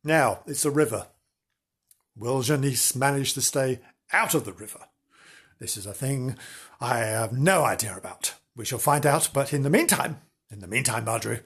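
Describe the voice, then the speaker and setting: A man telling a ghost story in a theatrical, hammy way, sinking to hushed whispers for the spooky parts. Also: medium pitch, expressive, measured pace, breathy edge. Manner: theatrical, hammy, booing and hissing at villains. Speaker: storyteller and show host.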